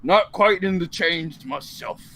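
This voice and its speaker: A man's voice: sits high, a little slow, vocal fry, bright, forceful tone, exaggerated voice, low-quality recording. A man voicing a boastful, crude giant warrior in a tabletop game. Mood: boasting.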